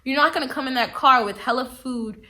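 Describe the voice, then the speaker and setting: Bright-voiced young woman vlogger. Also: high-pitched, brisk. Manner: animated, slangy, emphatic, often laughing. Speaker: vlogger giving dating advice. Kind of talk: casual direct-to-camera advice vlog.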